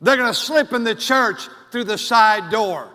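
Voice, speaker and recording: A man preaching a sermon as pastor, swinging from loud declarations to hushed asides. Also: very high voice, unhurried, in a large hall. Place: church sanctuary.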